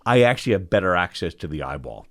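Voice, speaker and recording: A man's voice: deep voice, fast. A man, an eye surgeon, telling stories from his training in a podcast chat, acting out the people he quotes. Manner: animated storyteller, acts out quotes. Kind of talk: storytelling in a podcast conversation.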